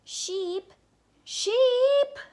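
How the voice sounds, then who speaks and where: A woman voicing a helpful male sheepdog from a picture book, coaxing and calling out loudly and slowly. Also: extremely high pitch, expressive, pitched above the performer's own voice, exaggerated voice.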